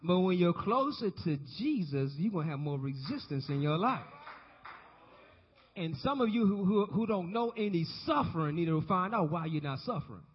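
Male pastor, high husky voice, call-and-response sermon, long church reverb. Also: lively intonation, normal speed. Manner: call-and-response preaching, asks congregation to repeat. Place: church sanctuary. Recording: dull recording with long hall reverb.

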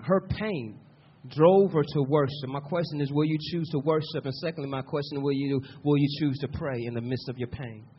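A man's voice: a little high, husky. A man preaching a sermon, repeating words for emphasis and calling out to the congregation. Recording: muffled lo-fi sermon recording.

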